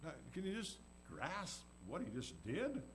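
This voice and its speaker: A man's voice: high voice, huge pitch swings, measured pace. A man preaching a sermon in a folksy, storytelling way, acting out the people in the story. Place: church. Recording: faint background noise and hum.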